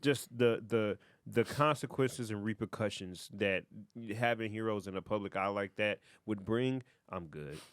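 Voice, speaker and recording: A man's voice: lowish voice, measured pace, few pauses, clean tone, dry recording, studio quality. A man co-hosting an anime podcast, laid-back and chiming in with short agreements in casual chat. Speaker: podcast co-host.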